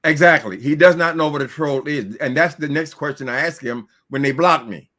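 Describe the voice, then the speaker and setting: A man's voice: on the high side, a little fast, bright, forceful tone. A man speaking as a guest on a casual live chat, sarcastic and heated, swearing freely.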